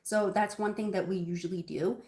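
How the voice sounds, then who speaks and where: A woman hosts a live cooking stream from her home kitchen, chatting loosely with viewers and calling them by name. Her voice sits at a middling pitch and talk meanders with frequent ums. The kitchen gives a noticeable echo. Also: steady tone, brisk, warm tone. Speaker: cooking livestream host. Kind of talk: casual live cooking chat.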